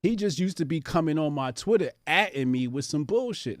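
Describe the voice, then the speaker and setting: Here is a man on a comedic podcast, firing back at his co-host with playful trash talk and laughter. His voice is slightly high and lively in pitch. The sound is close and dry, with no room around it. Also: fairly quick, few pauses, no room sound.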